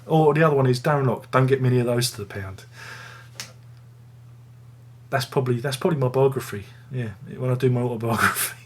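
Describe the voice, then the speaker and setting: A man hosting a casual music review video, rambling and joking at his own expense. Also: medium pitch. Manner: rambling, jokey, self-mocking.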